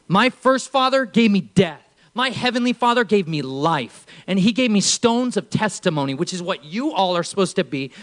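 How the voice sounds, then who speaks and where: A man preaching from a church stage, emphatic, swinging from low murmurs to shouts. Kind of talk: sermon.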